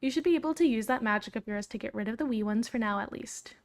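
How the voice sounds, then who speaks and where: A woman's voice: a little high, fast talker, natural voice. A woman reading a brave young princess's game dialogue aloud in her own plain voice, without putting on an accent. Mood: earnest.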